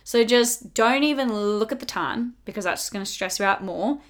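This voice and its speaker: Chatty young woman podcaster. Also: fairly high pitch. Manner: chatty, bubbly, lots of "like" and quick laughs. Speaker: podcast host. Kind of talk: casual self-help podcast monologue.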